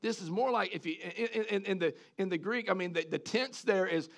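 A man preaching a sermon in an animated way, repeating words and asking the congregation questions. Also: high-pitched, brisk.

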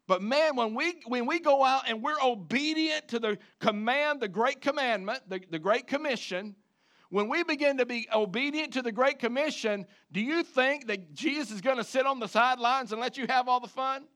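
A man's voice: very high-pitched, normal speed. A male pastor delivering an emphatic sermon to a congregation in church. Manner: emphatic, rising to loud preaching.

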